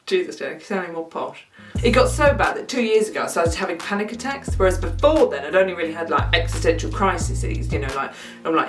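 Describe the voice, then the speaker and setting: A woman, doing a self-mocking comic monologue with wry deadpan asides. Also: lowish voice, brisk, soft background music. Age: 30s. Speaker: comedian. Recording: roomy sound, mic at a distance.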